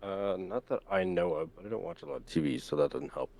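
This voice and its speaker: A young man from Canada joins a casual podcast as a guest. His voice is very deep, and he answers in short, hesitant bits full of filler. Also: lively intonation, fast talker, creaky, darkish tone. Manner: brief, hesitant replies with filler. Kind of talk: casual chat.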